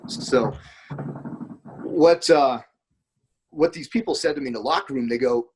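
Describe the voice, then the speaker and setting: A husky-voiced man talks casually as a podcast guest. He spins long, rambling anecdotes at a mid pitch, with a breathy edge to his tone. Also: a little slow, long pauses, low-quality recording. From United States. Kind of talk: casual conversation.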